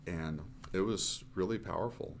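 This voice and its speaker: Male missionary guest, 50s, deep voice, earnest halting storyteller. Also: gravelly, slight background noise. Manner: earnest, halting with fillers and restarts. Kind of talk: conversational storytelling.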